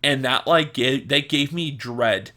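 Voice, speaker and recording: A young man tells stories from his childhood in a loose, unhurried monologue, full of "like" and restarts. His voice has a bright, forward tone, and he takes his time getting through each tale. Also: mid-range voice. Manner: rambling, filler-heavy, laughs at own stories. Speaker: podcast host. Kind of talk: casual storytelling monologue.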